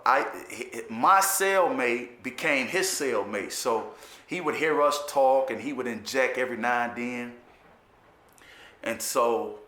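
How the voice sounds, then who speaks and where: A middle-aged man recounting his years inside in blunt, profane street talk, hammering his points home by saying them again and again. His voice is bright and forceful and sits at an average pitch. The sound carries a noticeable echo from the room. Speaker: former prisoner telling his story. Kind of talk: personal storytelling to camera.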